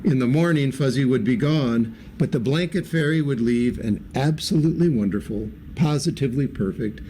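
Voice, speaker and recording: Male storybook reader, warm and mellow, lively with character voices, faint hiss. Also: mid-range voice, normal speed. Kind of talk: reading a picture book aloud.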